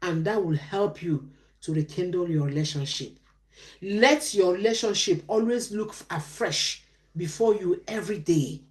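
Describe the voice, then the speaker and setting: A woman's voice: fairly low pitch, normal speed. A middle-aged woman, giving relationship advice on a live stream in a preachy way, asking questions and answering them herself.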